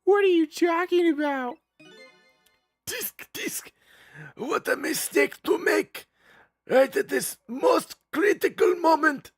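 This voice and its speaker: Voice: sits high, takes it slowly, long pauses, no echo, faint music behind, voice pushed up. A streamer voicing a dramatic older male game character in a strained, theatrical voice. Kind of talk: game dialogue read aloud.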